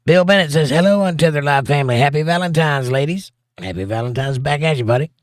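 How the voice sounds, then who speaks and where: A man's voice: fairly high pitch, quick pace, no room sound, clean studio sound. Joking man reading live chat aloud. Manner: joking, reads viewer comments aloud with playful asides. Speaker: livestream host.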